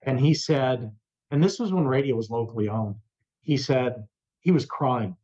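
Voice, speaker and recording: An older man, a radio host, telling lively anecdotes in an interview and acting out the voices of the people in them. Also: mid-range voice, moderate pace, muffled recording. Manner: animated anecdote telling, acts out quoted voices. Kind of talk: storytelling in an interview.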